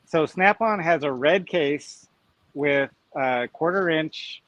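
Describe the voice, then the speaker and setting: Animated man telling a tool story. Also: fairly high pitch, slow pace, dry recording, highs cut off. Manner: animated storyteller, acts out commenters' voices. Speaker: YouTuber guest. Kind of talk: casual group chat on a live stream.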